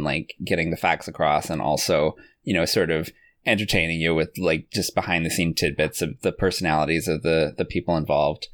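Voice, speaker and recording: A man's voice: low-pitched, clear, resonant tone, no room sound, clean studio sound. A man hosting a podcast in casual chat, hesitant with many ums and uhs, laughing often. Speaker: podcast host.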